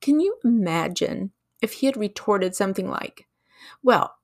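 A woman hosting a devotional podcast, talking earnestly and emotionally, telling a story slowly and putting questions to her listeners. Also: medium pitch, lively intonation, darkish tone. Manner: preacherly, asks listeners questions. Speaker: podcast host.

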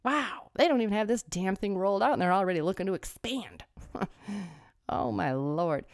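A woman's voice: medium pitch, lively intonation, normal speed, dry recording, studio quality. A woman delivering a sarcastic political commentary monologue, full of rhetorical questions.

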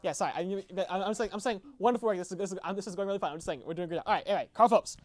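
A woman's voice: medium pitch, racing, a little mellow. A young woman hosting a podcast, chatting casually and giggling between takes, stumbling over restarts. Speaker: podcast host directing a radio play reading.

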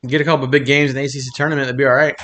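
A man co-hosting a podcast in casual chat, animated, laughing and swearing often. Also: medium pitch, rapid-fire, a little hiss or hum. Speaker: podcast co-host.

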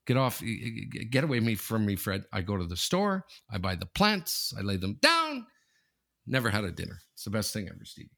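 A man co-hosting a casual sports podcast, talking in an animated, repetitive way, often tossing in "okay?" and swearing freely. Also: fairly low pitch, fast talker, gravelly, few pauses. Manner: animated and repetitive, keeps saying "okay?" and the host's nickname. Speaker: podcast co-host.

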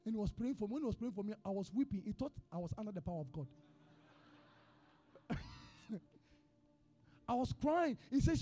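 A man preaching in a church with a Ghanaian English accent, telling a personal story in his sermon. He is an animated storyteller who swings from hushed tones to shouting. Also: sits high, a little fast, pauses often. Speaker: pastor.

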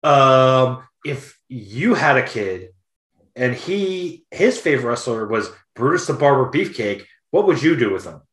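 A man's voice: medium pitch, big pitch swings, a little slow, fairly bright tone. A man voicing an angry, foul-mouthed father ranting on a payphone. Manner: ranting, cursing, combative. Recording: roomy echo.

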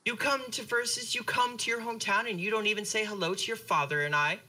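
A woman's voice: medium pitch, fast talker, sharp tone, a little hiss or hum, voice pushed up, close to an everyday voice. A woman voicing a fussy, overbearing middle-aged mother who is scolding and falsely polite.

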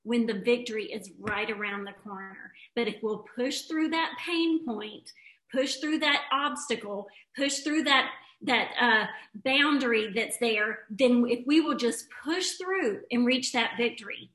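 A woman's voice: a little high, lively intonation, unhurried, fairly bright tone, reverberant, low-quality recording. A woman co-host speaking earnestly and affirmingly about pushing through. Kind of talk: motivational speaking.

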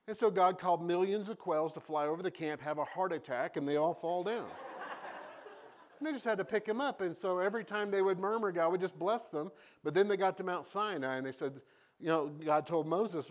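A man's voice: high voice, a little fast. A man preaching a sermon, telling Bible stories with humorous asides and acting out the voices of the people in them. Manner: animated storytelling with acted-out voices. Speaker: pastor.

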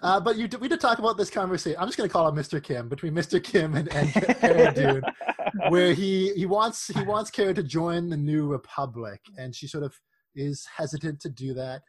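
A man co-hosting a casual podcast chat, animated, laughing often and leading the talk with questions. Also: on the high side, brisk, slightly rough. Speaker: podcast co-host.

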